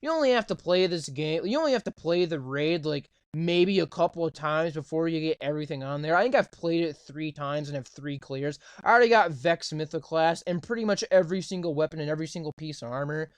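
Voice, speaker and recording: A man's voice: fairly high pitch, a little fast, few pauses, clean tone, no echo. A young adult man co-hosting a casual gaming podcast, swearing freely and ranting with repeated "right?". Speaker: podcast co-host.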